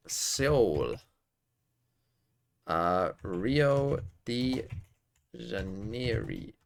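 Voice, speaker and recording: A young man on a live stream mutters and curses while guessing his way through geography quizzes, keeping up casual commentary as he plays. His voice is somewhat low and creaky.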